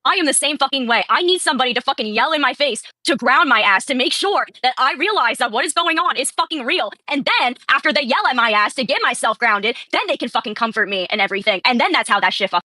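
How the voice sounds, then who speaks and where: A woman co-hosts a casual stream in a high, bright voice. She talks emphatically and swears hard. The sound is dry. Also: animated, fast talker, hardly any pauses, dry recording. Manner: profane, emphatic. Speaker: co-host.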